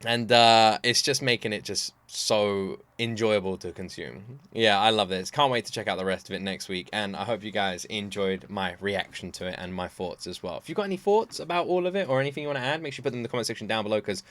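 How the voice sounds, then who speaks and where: A man hosting a casual reaction video, excitable and laughing often, with rambling restarts. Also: on the low side, quick pace, hardly any pauses. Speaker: reaction channel host.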